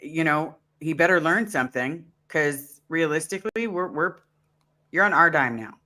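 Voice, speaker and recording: A man's voice: a little high, lively intonation, moderate pace, bright, forceful tone. A man in casual conversation, telling an earnest story on a live stream and acting out his own thoughts. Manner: earnest, storytelling with acted asides.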